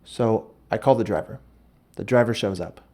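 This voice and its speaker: This podcast host has a mellow voice on the low side and talks at a normal speed. His comedic monologue wanders through an absurd tale, and he keeps interrupting himself with corrections.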